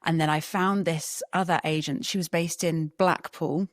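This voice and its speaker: A woman guest chatting casually in an interview, an animated storyteller who laughs often. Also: sits low, moderate pace, dry recording, studio quality. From England.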